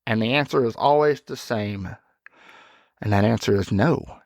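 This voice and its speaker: A man's voice: on the low side, normal speed, darkish tone, no room sound. A man in his thirties hosting a podcast, telling funny parenting stories in a chatty, self-deprecating way and laughing at himself. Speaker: podcast host. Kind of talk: casual storytelling monologue.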